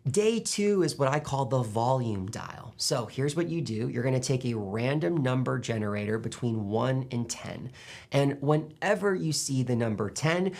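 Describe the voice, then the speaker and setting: A man coaching public speaking to camera, animated as he demonstrates loud and soft delivery. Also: medium pitch, moderate pace, creaky. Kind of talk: instructional talk to camera.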